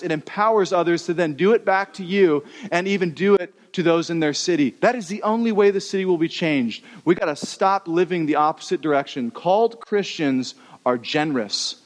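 Animated male preacher in a reverberant hall. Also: sits high. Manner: animated, conversational preaching that acts out stories. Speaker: pastor. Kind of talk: sermon.

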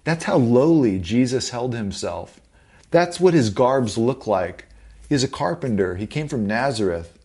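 A man preaching a sermon as pastor, from the United States, emphatic and slowing down to stress key phrases. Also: medium pitch, expressive, dark tone.

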